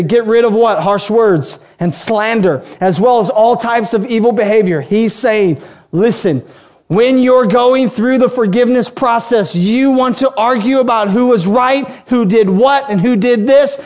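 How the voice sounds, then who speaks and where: A man's voice: extremely high pitch, normal speed, darkish tone, lo-fi sound. A man preaching as pastor, emphatic and repeating key phrases as he builds his lists. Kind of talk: sermon.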